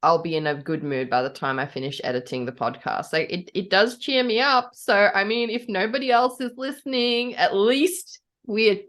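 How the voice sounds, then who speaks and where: A woman from a Commonwealth country co-hosting a podcast in casual chat, giggly and animated, often slipping into playful voices. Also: medium pitch, normal speed, few pauses. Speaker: podcast co-host.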